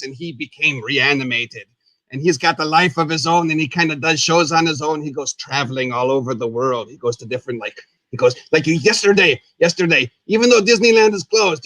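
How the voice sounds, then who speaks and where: A man's voice: on the high side, a bit bright, no room sound. A man hosting a playful live-stream chat, goofy and full of exclamations. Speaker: host.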